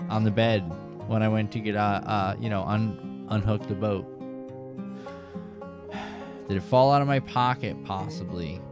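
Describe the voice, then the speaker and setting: A man hosting a fishing show, telling a rambling, animated story straight to his viewers. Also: lowish voice.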